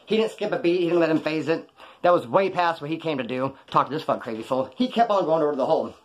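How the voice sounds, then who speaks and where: A middle-aged man tells a prison story in a rapid, loose stream, swearing freely and acting out what others said. His voice sits a bit high for a man, and he barrels along without slowing down. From Bakersfield, California. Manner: rapid, profane, animated, acts out others' lines. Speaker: former prisoner telling stories. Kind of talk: casual storytelling.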